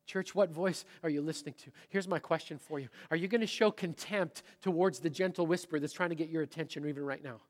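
A middle-aged man preaching in a church, his slightly high voice rising to loud emphasis and dropping to a near-whisper. The sound carries a long hall reverb. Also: quick pace, few pauses. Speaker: pastor. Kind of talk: sermon. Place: church sanctuary.

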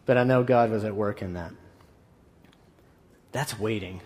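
A man's voice: on the low side, unhurried, darkish tone. A man preaching a sermon as pastor in a casual, enthusiastic way with asides. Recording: echoey hall.

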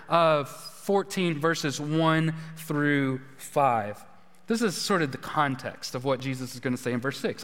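A pastor on the high side of pitch, with a somewhat bright voice, preaches informally and keeps asking the congregation questions. Long hall reverb fills the church sanctuary recording.

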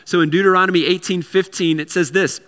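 Bright, high-voiced man preaching in a hall. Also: steady tone, fast talker. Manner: conversational preaching with repetitions and asides. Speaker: pastor. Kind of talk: sermon.

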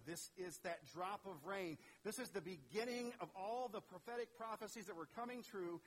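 Guy preaching a chatty sermon, pretty high voice, bit of hiss in the background. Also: normal speed, few pauses, rough recording. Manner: conversational, asks the audience questions, acts out voices. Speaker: pastor.

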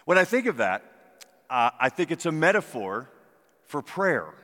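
A man preaching a sermon, slow and reflective, his voice dropping soft at the ends of phrases. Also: fairly high pitch, very animated. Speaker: pastor. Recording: long hall reverb.

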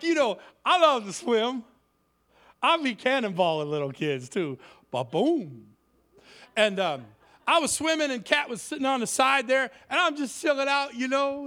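High, bright, lively-voiced man preaching. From Cleveland inner city. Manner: lively storytelling, acts out quoted voices. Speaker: guest preacher. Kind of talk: sermon.

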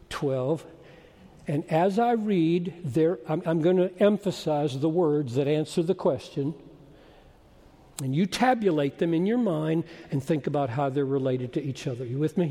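A man preaching a sermon, emphatic and swelling to loud exclamations. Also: fairly high pitch. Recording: long hall reverb.

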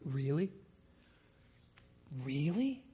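A man voicing a sarcastic, doubting serpent tempter in a low, drawling mutter. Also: big pitch swings, unhurried, husky, exaggerated voice.

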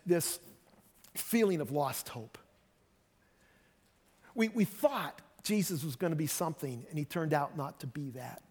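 A man preaching a sermon as pastor, conversational and animated, acting out voices as he retells the story. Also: high voice, husky. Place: church sanctuary. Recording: long reverb of a church hall.

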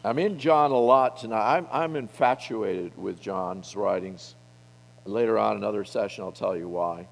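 A middle-aged man preaching a sermon to a men's gathering, speaking boldly and emphatically, with his loudness rising and falling widely. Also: lowish voice, moderate pace, creaky. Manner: bold, emphatic preaching with wide swings in loudness. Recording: long reverb of a hall.

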